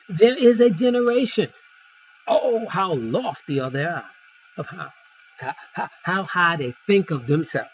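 Male preacher, animated and emphatic, informal sermon, faint hiss on a muffled recording. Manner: emphatic, wide swings in pitch and loudness, rhetorical questions; folksy asides and storytelling.

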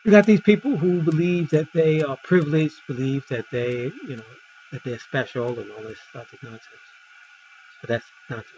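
A man's voice: fairly even intonation, normal speed, lo-fi sound, slight background noise. A man preaching an informal sermon, emphatic and full of rhetorical questions and folksy asides. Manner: emphatic, wide swings in pitch and loudness, rhetorical questions.

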